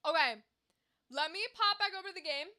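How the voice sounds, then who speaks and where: High, bright-voiced chatty woman streamer. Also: racing. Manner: chatty and rambling, talks straight to chat. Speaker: livestream gamer and host. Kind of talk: casual stream chat with viewers.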